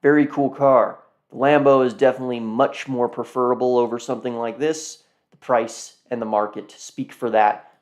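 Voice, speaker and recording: A man's voice: mid-range voice, fairly even intonation, moderate pace. Rambling man hosting a car stream. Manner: rambling, talks to viewers as "guys", repeats himself. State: yawning, tired. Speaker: car auction livestream host. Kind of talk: casual live commentary.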